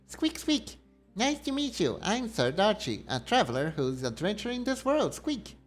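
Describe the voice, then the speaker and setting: A little hedgehog knight with a high, squeaky voice, as a man puts him on, very polite and gentle, tucking squeaks between his sentences. He sounds small and courteous, a wandering traveler. Soft game music plays faintly behind. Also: big pitch swings, moderate pace.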